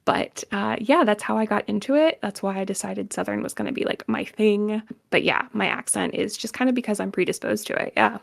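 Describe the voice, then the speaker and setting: A woman's voice: medium pitch, brisk, creaky, few pauses, dry recording, clean studio sound. A woman from North Carolina with a general American accent, a guest voice actor chatting casually and upbeat in an interview. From North Carolina, USA. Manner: chatty and upbeat, laughs easily, with fillers.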